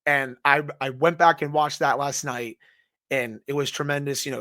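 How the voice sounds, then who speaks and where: A man's voice: a little high, fairly even intonation, brisk, a bit bright. A man co-hosting a sports podcast, talking enthusiastically and fondly in a casual way. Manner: enthusiastic, fond, lots of "you know" fillers. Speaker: podcast co-host.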